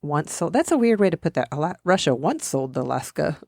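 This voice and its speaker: A woman's voice: sits low, sing-song, fairly quick, vocal fry, darkish tone, no echo. A woman co-hosting a podcast, rambling through fun facts in a chatty, giggly way. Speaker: podcast co-host. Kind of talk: casual chat.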